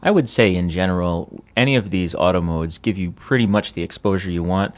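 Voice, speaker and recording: Man, podcast co-host, lowish voice, casual, laughs a lot. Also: fairly quick. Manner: laughs often, loose and joking. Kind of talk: casual chat.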